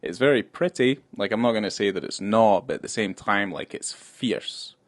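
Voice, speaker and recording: Scottish male podcast co-host, low voice, dry close mic, rambling and candid. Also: a little fast, dry recording. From Scotland. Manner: rambling, many restarts, candid swearing. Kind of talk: casual film discussion.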